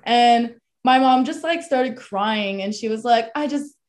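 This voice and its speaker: A woman's voice: on the high side, measured pace, a little mellow. A young woman in casual chat, blunt and slangy, laughing as she tells a family story.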